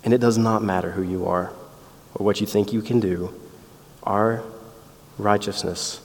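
A man's voice: on the low side, steady tone, unhurried, pauses often, slight background noise. A man in his thirties preaching a sermon in a conversational way, telling family stories and acting out quotes. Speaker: pastor. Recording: long reverb in a hall.

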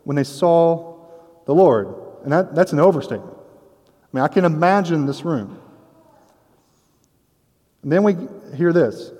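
A man's voice: fairly high pitch, a little mellow. A man preaching a conversational sermon as a pastor, with casual joking asides. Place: church sanctuary. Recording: long hall reverb.

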